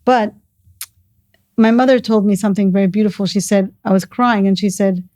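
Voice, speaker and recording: A woman's voice: medium pitch, fairly even intonation, brisk, warm tone, dry recording. A middle-aged woman talking earnestly in a casual conversation, telling stories and mixing in Hebrew and Yiddish words. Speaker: guest, mother of the host.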